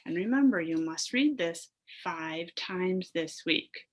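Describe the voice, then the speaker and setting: A woman's voice: lowish voice, lively intonation, takes it slowly, hardly any pauses, rough recording. A woman teacher leading a phonics lesson for young children, sounding out word parts, blending them and praising the class in a sing-song way. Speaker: elementary school teacher.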